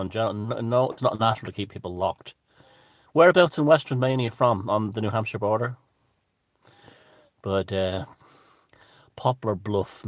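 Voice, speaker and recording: A man hosting a casual livestream, chatting loosely and digressively while answering viewer comments, with frequent pauses and fillers. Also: lowish voice, no room sound. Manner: rambling and digressive, many fillers. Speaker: livestream host.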